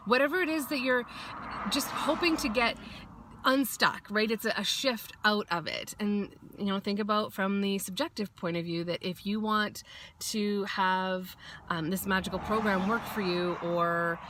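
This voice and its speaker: A woman's voice: mid-range voice, moderate pace, background noise. Woman vlogger, casual pep talk, blunt and sweary, acts out quotes.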